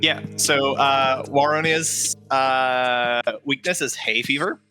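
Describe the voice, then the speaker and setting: A man's voice: medium pitch, fairly even intonation, slow, bright, forceful tone, soft background music. A man playing a tabletop game, describing his character's actions in a casual, laid-back way. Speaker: player.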